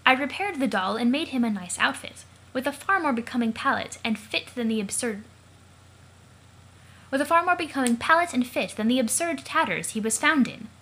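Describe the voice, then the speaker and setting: Woman reading as a proper young lady, polite and precise, pitched a little high, breathy. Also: lively intonation, moderate pace, pushed and bright, heavily acted. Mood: formal. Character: prim, proper young woman with formal speech. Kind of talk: voice acting a comic for a let's play.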